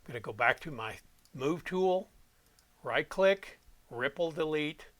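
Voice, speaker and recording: A man's voice: on the high side, lively intonation, unhurried, a bit bright. A man explaining audio editing step by step, as an instructor walking students through a tutorial. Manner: plain step-by-step explaining, self-correcting.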